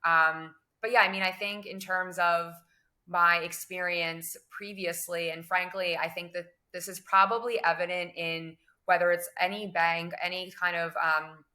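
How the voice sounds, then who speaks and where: A young woman answering interview questions about her work in finance, measured and full of "um" and "kind of". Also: on the low side, flat delivery, pushed and bright. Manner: measured, many fillers and hedging phrases. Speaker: guest, crypto business development director.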